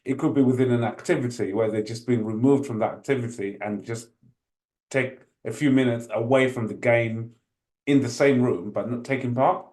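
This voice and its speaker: A man hosting an interview, clarifying a point with measured follow-up remarks. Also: mid-range voice, steady tone, a little mellow. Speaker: podcast host. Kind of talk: interview conversation.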